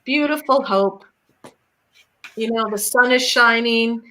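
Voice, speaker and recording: Woman from Canada, bright voice, upbeat, encouraging, casual card reading. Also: fairly high pitch, takes it slowly, poor audio. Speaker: co-host tarot reader.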